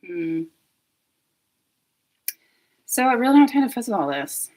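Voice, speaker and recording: A woman's voice: fairly high pitch, sing-song, measured pace, a little mellow, slight background noise, poor audio. A woman hosting a casual livestream at home, talking to herself while she troubleshoots her equipment. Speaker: host of a comedy web series.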